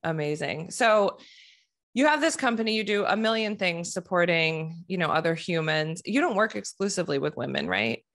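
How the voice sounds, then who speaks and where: A woman's voice: fairly low pitch, lively intonation, normal speed, a bit bright. A woman hosting an interview podcast, asking questions with eager, gushing enthusiasm. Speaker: podcast host.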